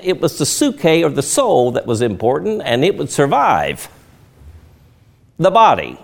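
A middle-aged man delivering a sermon, his voice sitting a little high for a man and leaping widely in pitch as he stresses points. He teaches by asking rhetorical questions and answering them himself. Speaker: preacher.

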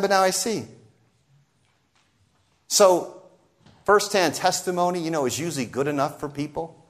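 Animated, high-voiced male preacher. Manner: animated, sweeping pitch and loudness, acts out quoted voices. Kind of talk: sermon.

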